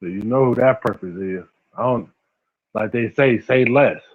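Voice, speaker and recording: A man's voice: mid-range voice, moderate pace. A man in his forties hosting a casual livestream, talking slangy and laid-back, laughing often and addressing viewers by name. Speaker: livestream host. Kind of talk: casual livestream chat, reading chat. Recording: phone-like lo-fi sound.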